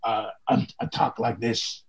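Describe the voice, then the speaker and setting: A man doing a gruff, feral dragonborn. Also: lowish voice, level tone, a little slow, voice pushed down, rough recording.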